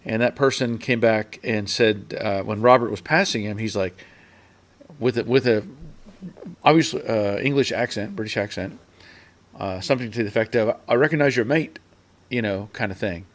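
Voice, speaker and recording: A man with a somewhat low voice, speaking at normal speed, hosts a casual live stream. He rambles through his stories, full of fillers and restarts, and then reads viewers' comments out loud.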